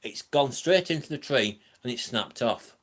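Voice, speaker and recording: A man's voice: medium pitch, expressive, normal speed. A man with a northern Lancashire accent hosting a live stream from home, chatting casually in a rambling way with many ums and reading out comments from the chat. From England.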